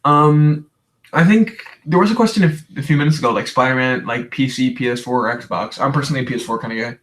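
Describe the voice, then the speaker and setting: A man's voice: medium pitch, quick pace, fairly bright tone. A young man from Canada hosting a livestream, chatting casually and rambling through viewer questions with many restarts, tired today. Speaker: livestream host.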